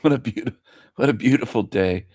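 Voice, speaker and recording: A man's voice: mid-range voice, brisk, a little mellow, dry recording, clean studio sound. A man hosting a casual livestream, repeating phrases in a gleeful, mocking way. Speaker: livestream host.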